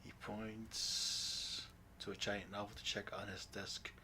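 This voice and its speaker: A man's voice: lowish voice, little pitch movement, slow, pushed and bright, slight background noise. A man casually reading game text aloud with amused asides. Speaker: gaming streamer.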